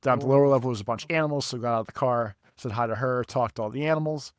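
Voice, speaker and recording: Profane, animated podcast storyteller man. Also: mid-range voice, very fast, clean tone, no echo, studio quality. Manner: animated, profane, laughs at himself. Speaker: podcast co-host. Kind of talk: casual storytelling.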